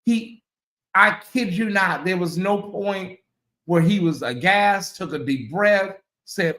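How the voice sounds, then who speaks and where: A woman hosting a commentary channel, talking casually to her viewers, animated and repeating herself as she exclaims. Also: lowish voice, slow, roomy sound.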